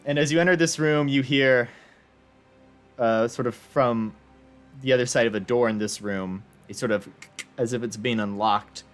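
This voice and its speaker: A man's voice: mid-range voice, steady tone, moderate pace, clear, resonant tone, faint music behind. A man narrating as game master of a tabletop game, describing scenes in a loose, searching way.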